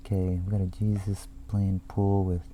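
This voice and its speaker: A man's voice: low voice, completely flat delivery, normal speed, mellow. A man, a tattoo artist, chatting casually and reacting with laughs and short comments. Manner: laid-back, laughs along, short replies. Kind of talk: casual chat.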